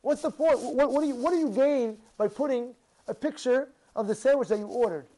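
A man's voice: very high voice, a little fast. A man giving an informal religious talk. He asks many rhetorical questions and often repeats and restarts his words. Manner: animated, full of rhetorical questions. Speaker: religious speaker.

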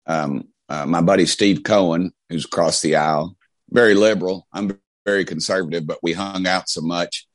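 This congressman guest, a middle-aged Knoxville native with an East Tennessee Southern drawl, has a low, steady voice and talks at a normal speed. The recording is dry. His casual storytelling interview is rambling and folksy, full of restarts.

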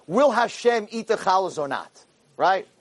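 A man telling a story in a lecture, animated and acting out the characters' voices. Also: high-pitched, normal speed.

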